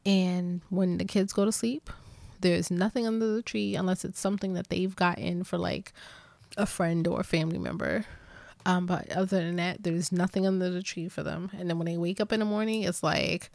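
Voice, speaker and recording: A woman's voice: on the low side, steady tone, moderate pace, gravelly, darkish tone, dry recording. A woman hosting a podcast in casual chat, playful and chatty, laughing often and dropping into whispered asides. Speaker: podcast host.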